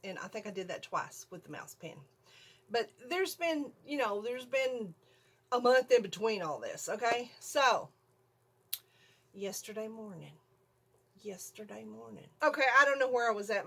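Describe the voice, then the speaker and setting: An older woman vlogger telling a story in a casual, animated way from her home video room, often checking in with "okay?". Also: medium pitch.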